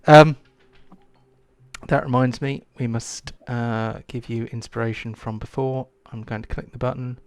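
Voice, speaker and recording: A man's voice: mid-range voice, fairly even intonation, a little slow, clear, resonant tone. A man running a tabletop game in casual chat, hesitant with many ums. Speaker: game master.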